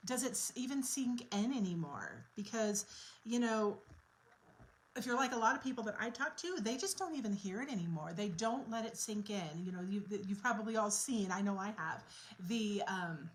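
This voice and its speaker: A woman's voice: medium pitch, expressive, moderate pace, rough recording. A woman working as a quit-smoking coach, talking casually to camera in an earnest, reflective way as she thinks aloud.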